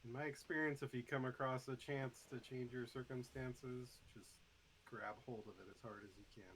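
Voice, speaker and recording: A man's voice: mid-range voice, steady tone, moderate pace, fairly bright tone, a little hiss or hum, low-quality recording. A man speaking as a player in an easygoing, thoughtful way.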